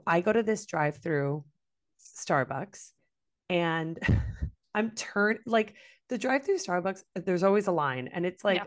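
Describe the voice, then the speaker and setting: A woman co-hosting a podcast, telling a story in casual chat with lively, profane delivery and acted-out quotes. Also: lowish voice, measured pace. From Latin American family. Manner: animated, swearing, acts out quoted voices. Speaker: podcast co-host.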